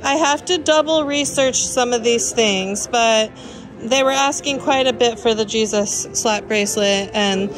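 A woman chatting casually in a shopping vlog, excited and gasping as she browses a store, with music playing behind her. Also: a little high, a little slow. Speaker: thrift reseller vlogger.

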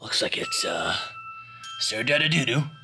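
A man's voice: medium pitch, very animated, a little slow, music in the background. A man giving teasing, goofy role-play commentary over gameplay.

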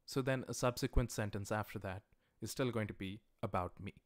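A man teaching a livestreamed language class, explaining grammar patiently and repeating example sentences slowly. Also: on the low side, no echo, clean studio sound. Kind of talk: livestreamed lecture.

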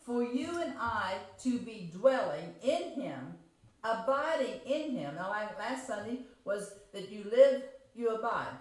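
A woman preaching a homespun, conversational sermon, reading scripture aloud and explaining it, repeating and rephrasing her points and asking the congregation questions. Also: medium pitch. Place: church sanctuary. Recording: very echoey church room.

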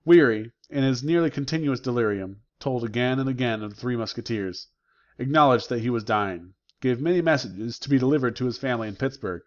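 A man, a teacher, reading a novel aloud as audiobook narration, in a measured, unhurried way. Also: mid-range voice, highs cut off.

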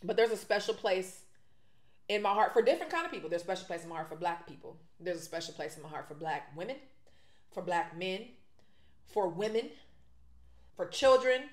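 A woman, talking to her viewers in an animated, indignant way while she eats. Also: fairly low pitch, brisk, long pauses, echoey room. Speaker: vlogger. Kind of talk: casual mukbang commentary.

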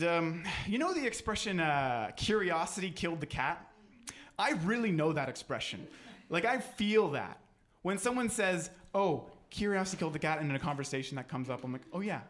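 A man's voice: on the high side, a bit bright. A young man doing stand-up comedy at a live show, telling a rambling, self-deprecating story with many restarts. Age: young adult.

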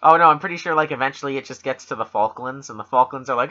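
A man's voice: medium pitch, fast talker, few pauses, sharp tone, dull audio. A Canadian man co-hosting a podcast, rambling and swearing through jokey casual talk. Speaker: podcast co-host.

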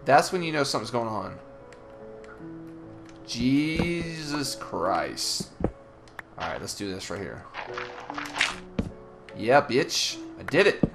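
A man's voice: on the low side, big pitch swings, normal speed, creaky, long pauses, over loud music. Chatty grumbling young man gaming. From Southern United States. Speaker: let's play host. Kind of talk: gameplay commentary.

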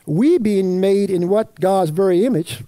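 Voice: mid-range voice, expressive, a little slow, warm tone, no echo. A Sunday school teacher, reading scripture aloud and quizzing the class with fill-in questions in a church classroom. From Virginia. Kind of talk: Bible study teaching.

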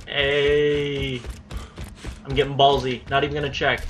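A man's voice: medium pitch, level tone, a little slow. A young man giving live gameplay commentary, swearing and ranting when things go wrong. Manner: profane, easily riled, ranting. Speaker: gaming commentator. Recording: loud game noise behind voice. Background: gunfire and game sounds.

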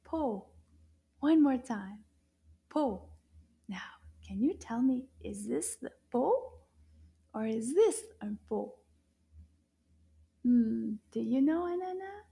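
A woman teaching a children's French lesson. She asks the listener to repeat words after her, and she gasps and says wow in an animated way for young learners. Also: on the high side, slow pace, vocal fry, long pauses. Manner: animated, exaggerated gasps and wows for kids.

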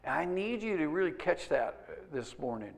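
Older male pastor, gravelly, slightly high voice, earnest conversational sermon delivery. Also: big pitch swings, normal speed. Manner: earnest, conversational preaching with acted-out quotes.

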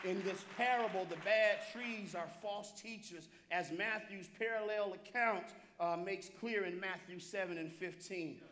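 A pastor preaching a sermon in a church, repeating phrases and calling out to listeners by name. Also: male voice, high-pitched, unhurried, few pauses, a bit bright, some chatter behind, a little hiss or hum. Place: church sanctuary.

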